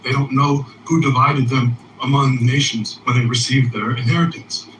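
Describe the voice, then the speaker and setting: An insistent man on a call-in, delivering sharp, bright declarations one after another. His voice is distant and echoey, with faint noise behind it. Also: mid-range voice, steady tone, normal speed. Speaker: caller. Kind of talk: heated lecturing.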